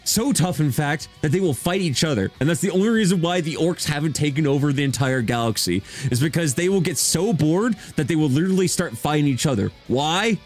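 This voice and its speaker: A man's voice: on the high side, animated, fairly quick, faint music behind. A man streaming as a VTuber in a casual chat, talking with rambling enthusiasm and frequent restarts.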